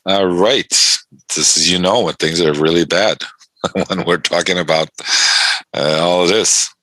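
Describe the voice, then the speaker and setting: A man's voice: low-pitched, fairly even intonation, a little slow, a bit bright, no room sound, low-quality recording. A man from New York hosting a live trading stream, joking with viewers and laughing often between remarks on the markets. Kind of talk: casual livestream chat about trading.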